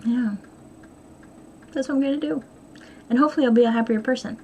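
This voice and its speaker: In her home sewing room, a middle-aged woman vlogs in casual chat to camera, candid, rambling and self-deprecating. Her voice is a little high, a little fast and slightly mellow, and there is a faint hiss or hum on the recording.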